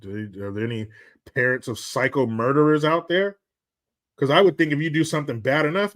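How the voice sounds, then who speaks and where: A man's voice: a little high, a little fast, fairly bright tone. Blunt, swearing man ranting on his vlog. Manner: blunt, swearing, rambling with restarts and sarcastic asides. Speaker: vlogger. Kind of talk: profane casual commentary rant.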